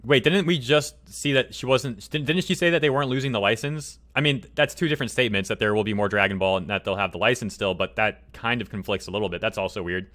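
A man's voice: lowish voice, quick pace, few pauses, a bit bright. A man hosting a commentary vlog, ranting heatedly and repeating his points for emphasis. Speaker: commentary channel host.

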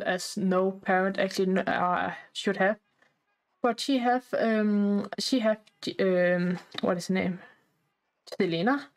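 A woman talking casually over life-sim gameplay, halting and chatty with many fillers and restarts, often out of breath. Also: mid-range voice, darkish tone, poor audio. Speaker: gameplay narrator.

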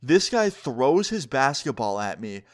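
A male vlogger tells a story straight to camera in a loose, animated way. He swears freely, at a middle pitch. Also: a little slow. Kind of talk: casual storytime narration.

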